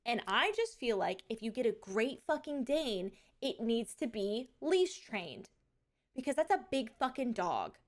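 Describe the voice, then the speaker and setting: A young woman streamer telling stories in casual chat, with lively quoted asides. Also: on the high side, measured pace. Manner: chatty storytelling, animated quoted asides.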